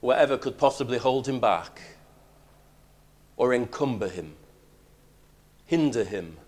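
Guy preaching a sermon, emphatic, goes loud then real quiet. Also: medium pitch, expressive, measured pace. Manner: emphatic preaching, swinging between loud declarations and hushed lines.

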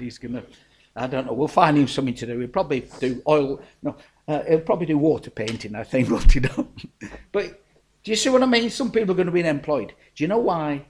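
A middle-aged man, preaching a sermon in a folksy, storytelling way, calling his listeners folks. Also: on the high side.

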